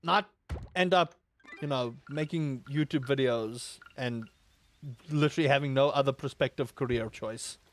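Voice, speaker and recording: A man streaming a game, telling rambling, animated stories with sudden loud outbursts. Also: medium pitch, normal speed. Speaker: gaming streamer. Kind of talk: casual stream chat while playing.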